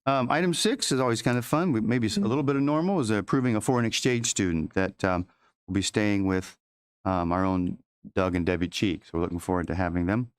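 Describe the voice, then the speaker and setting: A man presenting agenda items at a school board meeting in an informal, halting way with many fillers and restarts. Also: on the low side, clean tone, no room sound.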